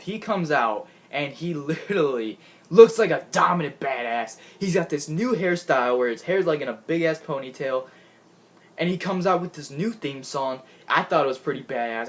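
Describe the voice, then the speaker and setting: A man giving an excitable, gushing casual recap of a show he watched, laughing often and restarting his sentences. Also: fairly high pitch, moderate pace. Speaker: wrestling fan recapping a show.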